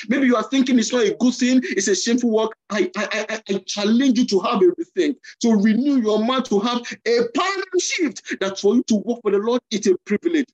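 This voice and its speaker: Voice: medium pitch, a little mellow, husky. A preacher giving a sermon, exhorting the listeners in a repetitive, emphatic way.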